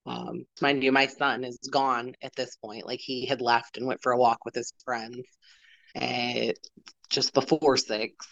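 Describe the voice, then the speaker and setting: Woman, 40s, podcast guest, halting personal story, retold dialogue, dry close sound, muffled audio. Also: very deep voice, flat delivery, gravelly, fairly bright tone, no room sound. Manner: halting, retells dialogue with "I'm like".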